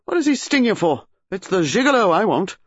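Ancient British colonel, loud and blustering, bright high bark, read by a man. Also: sing-song, a little fast, slightly rough, dry recording, lo-fi sound, full character voice. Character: very old pompous British male colonel.

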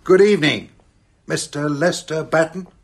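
An actor playing a brisk, matter-of-fact police inspector in a radio drama. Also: male voice, a little high, gravelly. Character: brisk male Scotland Yard inspector. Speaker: police detective.

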